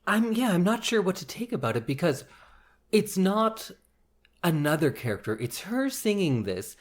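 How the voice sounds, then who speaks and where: A man's voice: high-pitched, very animated, normal speed. Man musing over a film, chatty. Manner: thoughtful, opinionated, sprinkled with "like". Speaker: podcast co-host. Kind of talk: casual film discussion.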